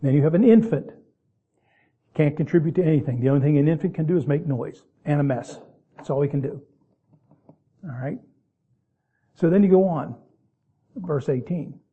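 A man preaching a sermon, reading King James verses and then explaining them in plain folksy asides, sometimes stretching words out slowly for emphasis. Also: a little high, husky, phone-quality sound.

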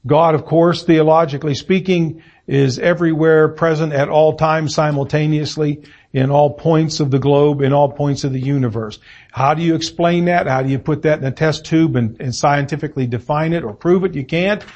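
A middle-aged man preaching an evening sermon in a church room, reading scripture and stressing words deliberately with fillers and pauses. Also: on the high side, fairly even intonation, a little mellow. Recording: muffled lo-fi sermon recording.

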